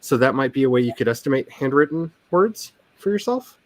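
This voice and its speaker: A man's voice: mid-range voice, sing-song, a little fast, dry recording. A man hosting a writing livestream, chatting casually in a rambling, joking, self-deprecating way. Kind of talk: casual chat.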